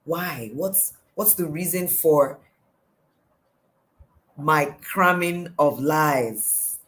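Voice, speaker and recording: Nigerian woman, middle-aged, life coach, emphatic and questioning, lowish voice. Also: a bit bright, rough recording. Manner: questioning, emphatic, repeats "why". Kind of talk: devotional coaching talk.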